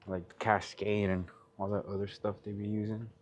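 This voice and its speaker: A man's voice: fairly low pitch, level tone, normal speed, a little mellow. A man who drives trucks, chatting casually for his vlog in a laid-back, slangy, rambling way while out at a truck yard.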